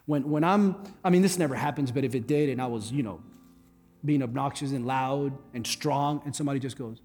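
Male guest pastor, higher register, conversational sermon with jokes; long hall reverb, faint music under. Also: fairly quick, darkish tone. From Cuba. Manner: conversational, joking asides. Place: church hall.

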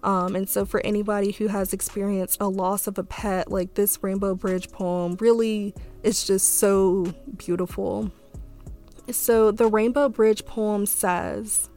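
A young woman, hosting a podcast, speaking softly and tearfully, with halting fillers as she reads a letter aloud. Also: medium pitch, fairly even intonation, faint music behind. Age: young adult. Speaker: podcast host. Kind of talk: reading a letter and a poem, then casual talk.

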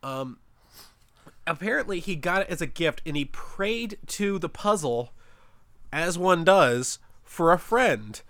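A man's voice: fairly high pitch, expressive, slow, fairly bright tone, no room sound. Rambling sarcastic young man. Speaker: podcast host. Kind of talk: casual chat.

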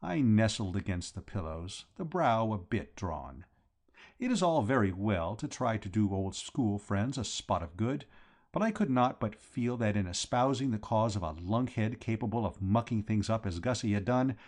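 A man reading a comic novel aloud as an audiobook narrator, with expressive character narration. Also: on the low side, normal speed. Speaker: audiobook reader.

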